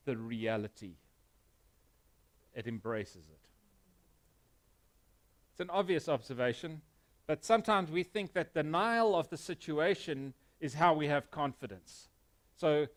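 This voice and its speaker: A man with a South African accent preaching a sermon in church, emphatic and earnest, dropping to quiet, intense moments. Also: a little high. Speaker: pastor.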